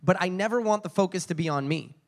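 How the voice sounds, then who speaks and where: A man's voice: high-pitched, fast talker. A man preaching a sermon, telling stories with frequent restarts and repeated words.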